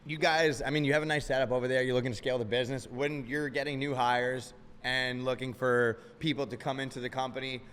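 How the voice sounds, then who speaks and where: A man's voice: mid-range voice, little pitch movement, quick pace, hardly any pauses, fairly bright tone, clean tone, long reverb tail. A young man from New York with a New York accent, hosting a casual podcast, brash and swearing constantly. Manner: brash, swears constantly, acts out phone calls in voices. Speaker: podcast host. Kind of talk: casual profane podcast chat.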